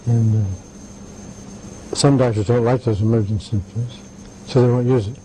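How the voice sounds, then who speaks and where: An older man being interviewed, telling anecdotes in a halting way with many "right"s and "uh"s. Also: medium pitch, steady tone, mellow, a little hiss or hum, poor audio. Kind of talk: conversational interview.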